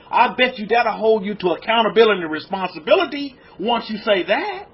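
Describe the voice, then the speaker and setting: A man with a high, husky voice preaches to his congregation, piling up rhetorical questions. He jumps from loud exclamations down to low, almost murmured lines. The recording sounds dull and lo-fi. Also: animated, quick pace, hardly any pauses. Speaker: rabbi teaching a congregation. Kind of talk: preaching a lecture-sermon.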